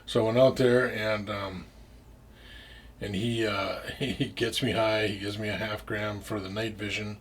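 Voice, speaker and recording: A man's voice: fairly low pitch, little pitch movement, a little slow, slight background noise. A man telling a story in casual talk, rambling with restarts and frequent swearing. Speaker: interview guest.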